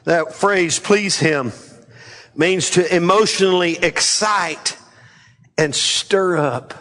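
A man's voice: high-pitched, takes it slowly, fairly bright tone. A man preaching a fiery, emphatic sermon, rallying the congregation with frequent exclamations.

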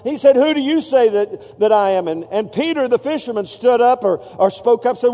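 Preaching in a church sanctuary, a male pastor with a very high, warm voice speaks animatedly at a moderate pace with hardly any pauses. He has the congregation answer back and repeat after him, and the big hall produces a long reverb.

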